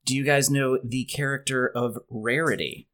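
A man's voice: medium pitch, steady tone, moderate pace, fairly bright tone. Man recapping a film, wry. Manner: leads the talk, recaps the plot with wry asides. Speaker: podcast host. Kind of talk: casual movie discussion.

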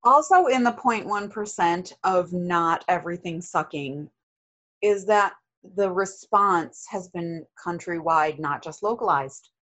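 A woman's voice: on the low side, lively intonation, a little slow, a bit bright, low-quality recording. A woman in casual conversation, telling stories with filler likes. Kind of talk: casual chat.

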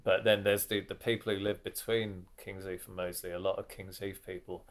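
A lowish-voiced man chats casually as a podcast guest. He is self-deprecating, laughs easily and lets sentences trail off into quiet asides. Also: flat delivery, brisk. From Birmingham, England. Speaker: comedian guest.

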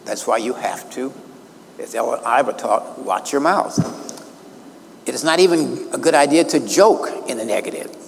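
A man preaching a sermon, emphatic and slowing down to stress key words. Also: mid-range voice, gravelly, long reverb tail, slight background noise, poor audio. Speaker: minister. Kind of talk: sermon teaching from notes.

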